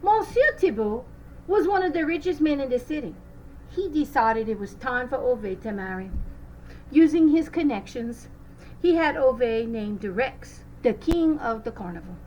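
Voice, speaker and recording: A woman teacher reading a picture book aloud to children, expressive and sometimes stumbling over French words. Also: high-pitched, slight background noise, poor audio.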